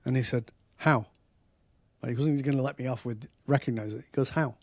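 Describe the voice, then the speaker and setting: A man speaking as a podcast guest and author, telling stories in an animated, emphatic way that often gets loud. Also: mid-range voice, brisk, no room sound. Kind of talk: storytelling interview talk.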